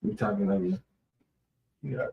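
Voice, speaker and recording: A man's voice: lowish voice, measured pace, creaky, lo-fi sound, slight background noise. Chatty man rambling on a livestream. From US West Coast. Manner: rambling, chatty, laughs often. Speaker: livestream host. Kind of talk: casual live-stream chat.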